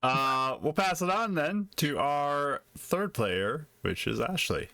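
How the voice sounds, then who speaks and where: A man hosting a tabletop game stream, welcoming the audience in an unhurried way. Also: a little high, animated, bright, forceful tone, no room sound, clean studio sound. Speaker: host. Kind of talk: casual show intro.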